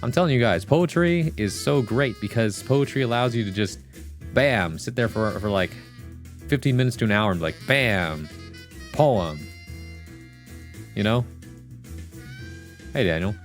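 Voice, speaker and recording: Low-voiced man chatting on a livestream. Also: expressive, unhurried, long pauses, soft background music. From Vietnamese heritage. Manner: rambling, jokey, laughs often. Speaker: streamer. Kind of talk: casual livestream chat.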